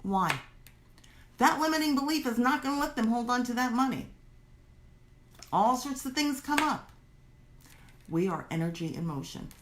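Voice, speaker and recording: A woman teaching a workshop in a chatty, animated way, acting out the worried inner voices of her listeners. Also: on the high side, normal speed, long pauses, a little hiss or hum. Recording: roomy echo.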